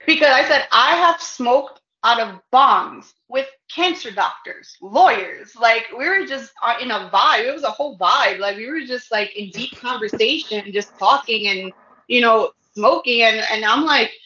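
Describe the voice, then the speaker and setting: A woman guest talking casually about her work as a cannabis educator, animated, laughing often and acting out dialogue. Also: fairly high pitch, normal speed. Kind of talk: casual interview chat. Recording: dull lo-fi audio in an echoey room.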